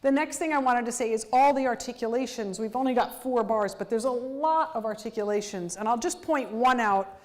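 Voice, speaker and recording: A woman's voice: a little high, a little fast. Woman composer lecturing, scatting rhythms. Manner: sings rhythms out in syllables to illustrate music; animated, detail-focused explanation. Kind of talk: university lecture.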